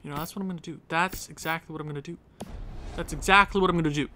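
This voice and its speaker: A man's voice: on the high side, steady tone, racing, pushed and bright, a little hiss or hum. A young man hosting a hockey game let's-play, thinking aloud over lineup choices and talking at the players on screen with exasperated outbursts. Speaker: gaming channel host.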